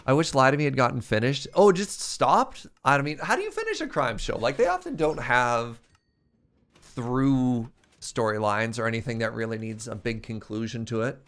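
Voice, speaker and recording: A man's voice: medium pitch, very animated, normal speed, a bit bright. A man streamer chatting casually with his chat while playing a game, laughing often.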